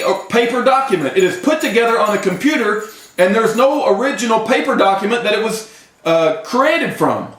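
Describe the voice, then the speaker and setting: A man, ranting straight to a camera at home, impassioned and breaking into yelling. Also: very high-pitched. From Texas. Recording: roomy echo.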